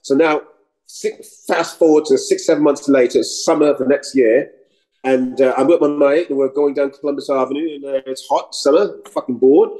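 A man from New York, an actor and comedian, telling anecdotes in an animated way, switching voices and swearing casually. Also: mid-range voice, normal speed, rough recording. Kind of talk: anecdotal storytelling.

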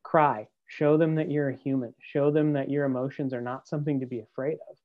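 A man's voice: medium pitch, steady tone, a little fast. A man giving a webinar talk to parents, in a direct, encouraging manner. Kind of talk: practical talk. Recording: dull lo-fi webinar audio.

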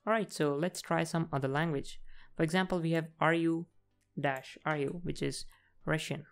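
A man's voice: a little high, steady tone, moderate pace, gravelly, smooth, faint music behind. A man hosting a programming tutorial, casually talking through each coding step as he types, with frequent fillers. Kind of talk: casual screen-recorded coding walkthrough.

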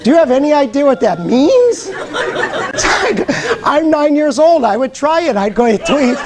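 A man's voice: very high-pitched, very animated, fairly quick, over a noisy crowd, heavy background noise. An older man from Nebraska giving a humorous storytelling lecture, joking and quizzing his audience. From Omaha, Nebraska, USA. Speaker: guest speaker.

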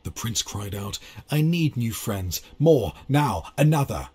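An actor voicing an ominous male storybook narrator in a game, reading in a deep, breathy, whispery way. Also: big pitch swings, unhurried, warm tone, exaggerated voice.

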